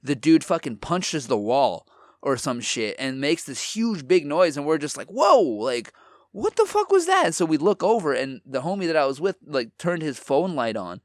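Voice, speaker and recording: A man telling a story in casual chat, animated, swearing often and acting out what people said. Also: fairly high pitch, normal speed, no echo, clean studio sound. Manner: animated, swears a lot, acts out quotes. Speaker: podcast co-host.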